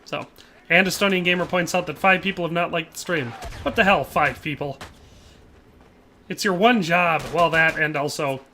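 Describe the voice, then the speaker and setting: A young male livestreamer with a fairly high, sharp-toned voice plays a shooter game at a moderate pace, with faint music in the background. Speaking through a headset, he chats casually, reads chat aloud, laughs often, and trails off mid-sentence.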